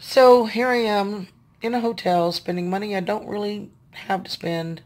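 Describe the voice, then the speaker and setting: A woman's voice: mid-range voice, steady tone, normal speed, a little mellow. A woman, venting to her viewers in a casual video diary, sounding tired and frustrated. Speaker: vlogger.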